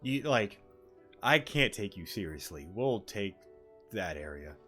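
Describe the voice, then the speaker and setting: Joking streamer man, low voice. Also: sing-song, unhurried, sharp tone, soft background music. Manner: joking, crude asides. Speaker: streamer playing a game. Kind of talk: casual gameplay commentary.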